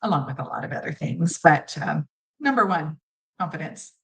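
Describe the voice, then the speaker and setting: A woman's voice: sits low, expressive, moderate pace, vocal fry, poor audio. A middle-aged woman talks through interview questions as a seasoned pageant judge and coach. She sounds confident and emphatic, slips into quoted voices to make a point, and laughs easily. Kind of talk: conversational interview answers.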